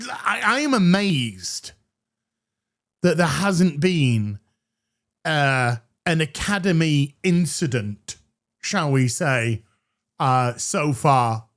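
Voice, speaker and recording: A man rants through a sarcastic episode review, his fairly high voice bouncing around a wide range. He talks at an unhurried pace, full of crude asides and stammered restarts. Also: lively intonation, a bit bright. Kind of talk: sarcastic ranting commentary.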